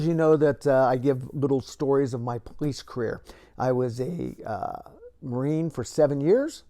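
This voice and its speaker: With a mid-range voice, an older ex-cop faces the camera and relates a tale from his police career, livening it up with animated moments along the way.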